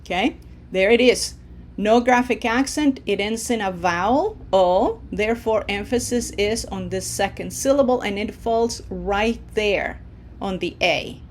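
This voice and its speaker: Woman, language teacher, slow and deliberate, drills words for repetition, faint background hiss. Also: mid-range voice. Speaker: Spanish teacher. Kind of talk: language lesson.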